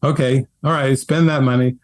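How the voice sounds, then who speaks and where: A man and spiritual teacher telling his story in an interview, earnest and animated, often laughing. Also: medium pitch, moderate pace.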